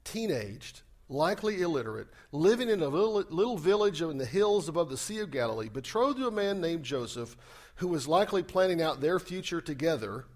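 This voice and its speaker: A male pastor delivering a sermon in a somewhat high voice. He talks to the congregation like a friend, mixing scripture reading with wry, sarcastic asides. His volume swings from loud emphasis to soft, close remarks. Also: very animated, a little fast.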